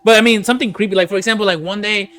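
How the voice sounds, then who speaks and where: Excitable man hosting a podcast. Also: high voice, rapid-fire. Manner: excitable, swears a lot, loud reactions. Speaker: podcast host. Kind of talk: casual podcast chat.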